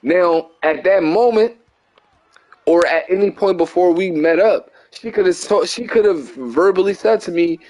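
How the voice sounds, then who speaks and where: A young man with a Philadelphia accent, casually telling a long profane story while gaming, rambling and animated, often asking "you get what I'm saying". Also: sits high, normal speed. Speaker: gaming channel host. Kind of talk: casual storytelling over gameplay.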